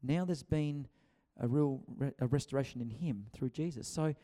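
A man delivers a chatty, conversational sermon, acting out quotations and frequently starting his sentences over. His voice is medium-pitched and dark in tone, at a moderate pace.

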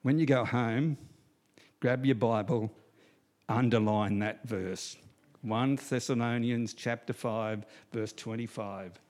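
A man's voice: mid-range voice, fairly even intonation, slow pace, darkish tone. A man, preaching a sermon as a pastor and telling stories with humor while repeating key phrases.

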